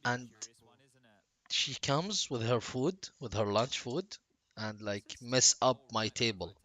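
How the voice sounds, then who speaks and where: Man chatting on stream. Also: medium pitch. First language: Arabic. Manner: relaxed, chatty, halting non-native English. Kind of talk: casual live-stream chat.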